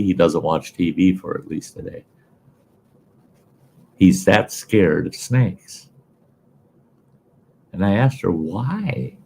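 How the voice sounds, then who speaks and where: Gravelly low-voiced Midwestern storyteller man. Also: a little hiss or hum. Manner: folksy, animated yarn-spinning. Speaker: show host. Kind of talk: casual storytelling.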